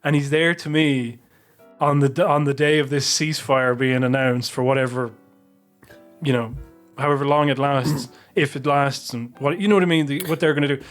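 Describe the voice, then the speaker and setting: A man's voice: mid-range voice, fairly even intonation, moderate pace, soft background music. A man on a podcast telling a long, rambling anecdote with plenty of swearing. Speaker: podcast co-host. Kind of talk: casual podcast chat.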